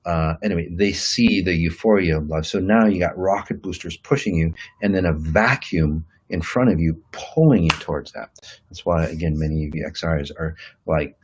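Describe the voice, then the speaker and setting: Man, low pitch, husky, motivational talk, restarts and fillers, acts out quotes. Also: moderate pace, a little mellow, rough recording. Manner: loose, rambling delivery with many fillers and restarts; acts out quoted inner voices. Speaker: self-help teacher. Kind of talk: motivational talk to an online audience.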